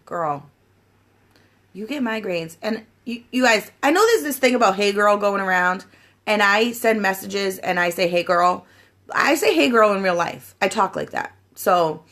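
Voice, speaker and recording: Chatty woman coaching her team. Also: mid-range voice. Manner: chatty, animated, acts out sales chats. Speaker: sponsor training her team. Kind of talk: casual coaching talk with role-play examples.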